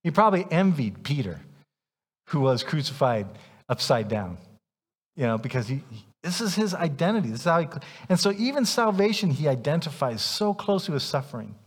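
A man's voice: on the high side, very animated, fairly quick. A man preaching a sermon as pastor, emphatic and challenging his congregation directly, heard in a church sanctuary. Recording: long reverb of a church hall.

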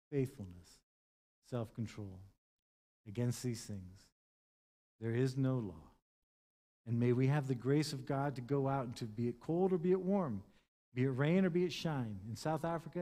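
A man preaching a sermon as pastor, moving from loud, stressed points to quiet, hushed lines and acting out the words of scripture figures. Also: medium pitch. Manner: impassioned, swings between loud emphasis and hushed tones.

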